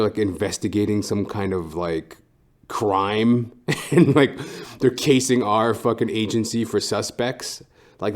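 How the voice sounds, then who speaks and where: A man's voice: fairly low pitch, a little mellow. A man hosting a podcast who rambles through a casual monologue with constant swearing and lots of fillers. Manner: profane, rambling, heavy fillers. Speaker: podcast host.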